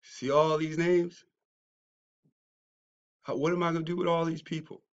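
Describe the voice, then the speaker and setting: A man ranting at critics in a response video, mocking and swinging from low muttering to loud shouting. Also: steady tone, normal speed, lo-fi sound. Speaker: YouTuber. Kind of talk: confrontational response video rant.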